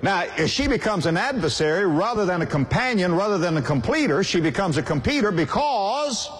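A man's voice: sits high, very animated, a little fast. An older man preaching a sermon in an emphatic, repetitive cadence. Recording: long hall reverb.

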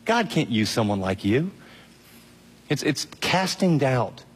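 A middle-aged male pastor preaching an animated sermon, acting out quotes in shifting voices. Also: mid-range voice, slow pace, husky, long reverb tail. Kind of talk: radio sermon.

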